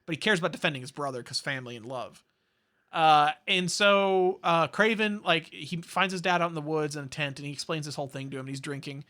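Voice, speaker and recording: A man rambling through a movie plot in a casual podcast, stacking up fillers and restarts. His voice is bright and a little high, and he keeps it chatty. He tells the recap at length. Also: fairly even intonation, fairly quick. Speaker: podcast co-host. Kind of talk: casual chat.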